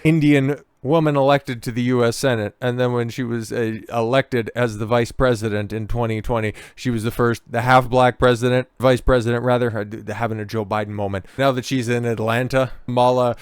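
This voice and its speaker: A man's voice: mid-range voice, flat delivery, a little fast, hardly any pauses, clean tone, no echo, studio quality. A man hosting a political commentary vlog, sarcastic and full of mocking asides.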